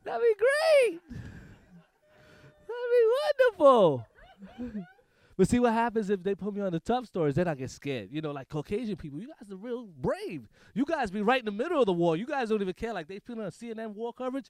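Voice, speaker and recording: A young man works through a stand-up set, his voice sitting high for a man. He talks in a loose, rambling, jokey way. The sound is close and dry, with little room around it. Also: big pitch swings, quick pace, a little mellow, dry recording. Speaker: stand-up comedian. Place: small comedy studio stage.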